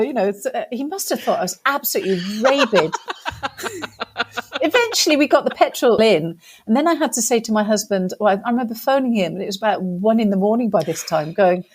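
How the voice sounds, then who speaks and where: An English woman, a podcast guest, telling stories in a casual, animated way, laughing often and poking fun at herself. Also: on the high side, a little fast, a little hiss or hum. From England. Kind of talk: casual storytelling.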